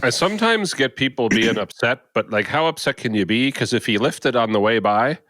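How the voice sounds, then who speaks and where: A man's voice: medium pitch, expressive, a little fast, fairly bright tone, dry recording. A man co-hosting a podcast, chatting casually with wry remarks. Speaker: podcast co-host. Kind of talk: casual chat.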